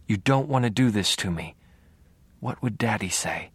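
A man's voice: fairly low pitch, expressive, normal speed, slightly rough, no room sound. A man voicing a desperate adult woman pleading with her brother in an audiobook. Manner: pleading, then shouting in alarm.

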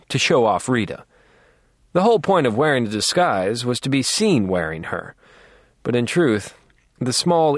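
A man narrating an audiobook in the first person with a dry, wry, deadpan delivery. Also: fairly low pitch, dry recording. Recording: dry close studio sound.

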